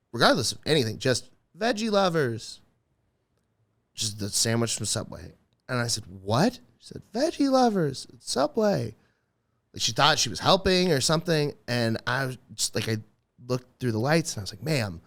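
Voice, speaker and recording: A man's voice: mid-range voice, animated, a little fast, fairly bright tone. A man who is a stand-up comedian, a guest on a podcast, talking loosely and profanely with lots of filler words. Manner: loose and profane, heavy use of "like". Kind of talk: casual podcast chat.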